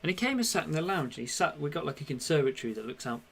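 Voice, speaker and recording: Young guy chatting on a podcast, animated, does little voices when he quotes people. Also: on the high side, racing, vocal fry, a little hiss or hum. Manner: animated storyteller, acts out quotes. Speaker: podcast co-host. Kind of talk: casual chat.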